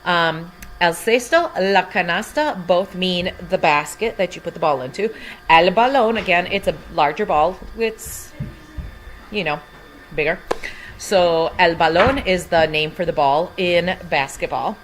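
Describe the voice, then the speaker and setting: A woman's voice: fairly low pitch, a little slow, a little hiss or hum. A woman teaching a Spanish lesson from home, patiently explaining each word in English. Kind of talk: recorded language lesson.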